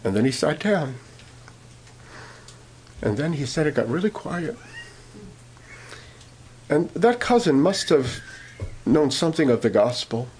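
A man's voice: fairly high pitch, sing-song, a little slow, pauses often, a little mellow, a little hiss or hum. A man preaching a sermon, telling a story with many fillers and restarts, then rising to emphatic points.

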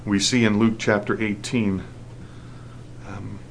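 Low-voiced preacher building to emphatic peaks. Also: male voice, level tone, slow pace, a little hiss or hum. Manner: rises to emphatic, repetitive preaching cadence; frequent restarts and "um" fillers. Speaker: pastor. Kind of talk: sermon.

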